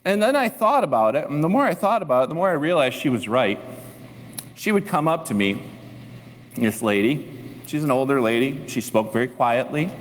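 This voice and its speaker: A male pastor delivers a sermon in a lively storytelling way, acting out the running thoughts in his head. His voice sits at an ordinary middle pitch. A long reverb trails each phrase through the church hall. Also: slight background noise. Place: church sanctuary.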